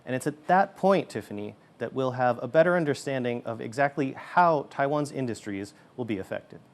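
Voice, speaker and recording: A man reporting as a news correspondent, with a measured, explanatory delivery and occasional fillers. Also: medium pitch, animated.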